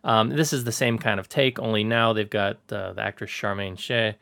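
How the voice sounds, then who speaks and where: A man hosts a podcast in a low, gravelly voice, easygoing and a little hesitant. He talks things through casually and trails off into fillers. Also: moderate pace, fairly bright tone, no room sound, clean studio sound. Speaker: podcast host.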